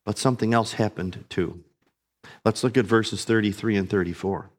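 A man preaching an expository sermon, reading scripture aloud and explaining it slowly and deliberately. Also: lowish voice, steady tone.

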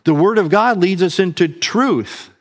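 A man's voice: high voice, lively intonation, unhurried. A man preaching a sermon, earnest, calling his listeners family and asking them questions.

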